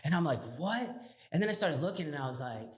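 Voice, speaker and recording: Speaking fast in a voice on the high side, a man with a Texan accent recounts his story as a restaurant owner guesting on a casual chat. He's animated and laughs while acting out the dialogue.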